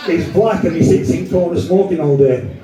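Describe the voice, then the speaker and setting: A man's voice: on the high side, normal speed, crowd noise. A man with a Northern English accent doing stand-up, bantering brashly with the audience and swearing a lot. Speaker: stand-up comedian. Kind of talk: live stand-up set with crowd work. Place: comedy venue with a live audience. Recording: echoey live room, distant mic, audience laughter.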